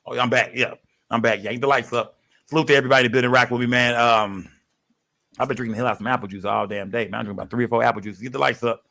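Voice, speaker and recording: A young man hosting a casual livestream, rambling and profane, giving constant shout-outs to his viewers. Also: mid-range voice, fairly even intonation, rapid-fire, creaky. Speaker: livestream host.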